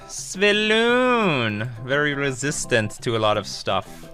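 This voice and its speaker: A chatty man with a Canadian accent gives casual commentary as he streams a card game. His voice sits a little low but sounds bright and forward. Faint music plays underneath him. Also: lively intonation, normal speed. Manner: chatty, laughs often, swears casually.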